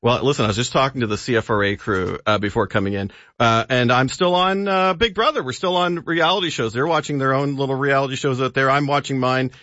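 A man's voice: medium pitch, quick pace, hardly any pauses, pushed and bright, dry recording. Chatty male radio co-host, dry sound. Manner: chatty, laughs easily. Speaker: radio co-host, movie reviewer. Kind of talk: casual radio chat. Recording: dry, slightly dull radio studio audio.

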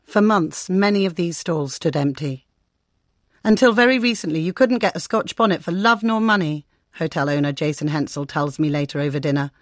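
Female correspondent, measured scripted radio narration, slightly low pitch. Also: dry recording, clean studio sound. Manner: measured, descriptive storytelling. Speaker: foreign correspondent.

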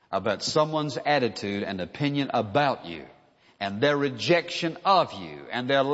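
Male preacher, emphatic sermon delivery, mid pitch, echoing hall, dull lo-fi sound. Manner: earnest, emphatic preaching with repeated phrases.

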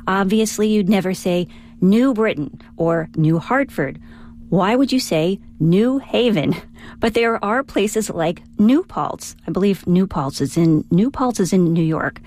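A woman's voice: mid-range voice, a little mellow, a little hiss or hum. A woman from Virginia, a radio news anchor, reading listener questions on the air.

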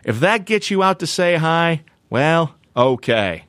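A man hosting a radio talk show, telling a story in a playful, animated way. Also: high voice, normal speed, no echo. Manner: animated, playful, does silly voices.

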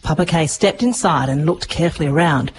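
A woman narrating a children's story with lively expression. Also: sits low, a little fast, slight background noise, rough recording. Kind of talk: storybook reading.

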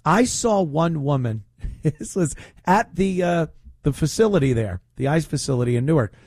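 A man's voice: fairly high pitch, expressive, moderate pace, a little mellow, slightly rough, no echo, clean studio sound. A man hosting talk radio, speaking in a mocking, opinionated way. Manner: mocking, puts on whiny voices to ridicule. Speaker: radio talk show host.

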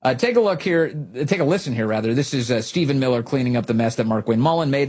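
A man hosting a radio talk show, giving animated, opinionated, sarcastic commentary with a raspy voice. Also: medium pitch, fast, few pauses.

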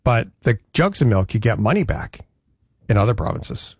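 Lively Canadian radio host, dry studio. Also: male voice, medium pitch, normal speed, husky, dry recording. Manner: rambling, conversational. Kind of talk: radio show chat.

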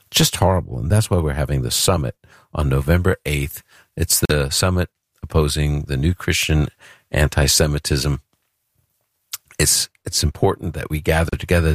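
A man's voice: extremely low pitch, no room sound, clean studio sound. A man from Brooklyn hosting a call-in radio show, chatty and earnest as he promotes an event and takes callers. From Brooklyn, New York. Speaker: radio host.

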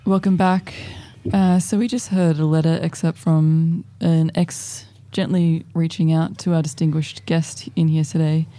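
Low, dark-voiced woman radio host. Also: little pitch movement, a little slow, hardly any pauses, soft background music. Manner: playful, teasing. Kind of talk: casual radio chat.

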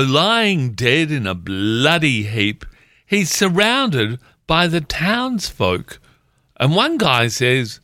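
A man's voice: fairly high pitch, pushed and bright, no echo, clean studio sound. A man hosting a casual community radio show, reading listener jokes and letters aloud in a joking way. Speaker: radio host.

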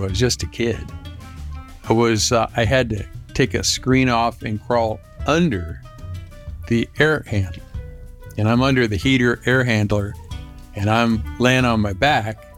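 Older male storyteller from Southern California, mid-pitched and meandering, voices the quotes in his tale. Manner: rambling, lifts his voice to act out quoted lines. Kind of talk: personal anecdote.

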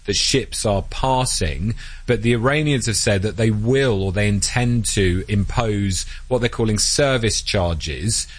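A male correspondent giving a measured, analytical news report with occasional hesitations. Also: fairly low pitch, dry recording. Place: Washington.

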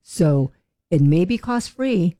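A woman's voice: lowish voice, expressive, takes it slowly, mellow, no room sound, clean studio sound. A woman guest on a radio interview, promoting a training program in an encouraging, upbeat way.

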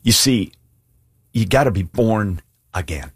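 A man with a low, husky voice preaches an earnest sermon, pleading and emphatic but plain-spoken, dropping in casual asides. The sound is close and dry. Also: animated, measured pace, no echo. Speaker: pastor. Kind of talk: sermon with altar call.

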